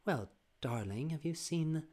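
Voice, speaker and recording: A man's voice: fairly high pitch, lively intonation, a little mellow, pitched above the performer's own voice. Man putting on a posh older British grandmother. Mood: prim. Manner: prim, measured, posh. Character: genteel older British grandmother, polite and thoughtful.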